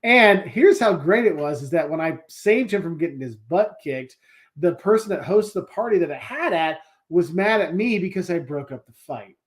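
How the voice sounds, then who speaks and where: A man's voice: sits high, animated, normal speed. A man from the United States hosting a casual live travel chat, talking easily and telling anecdotes. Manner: easygoing, chatty, tells anecdotes. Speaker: host of a travel show.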